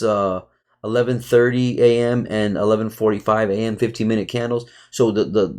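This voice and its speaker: A man's voice: mid-range voice, a little mellow. A man narrating a screen-share market review, casual and full of restarts, who turns into a profane, heated rant at his viewers. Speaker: trading educator.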